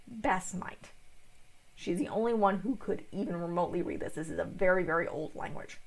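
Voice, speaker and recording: Tired woman with a gravelly husky voice. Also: medium pitch, a little fast. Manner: rambling, full of fillers and restarts. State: tired, yawning. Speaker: book reviewer. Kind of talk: casual book review.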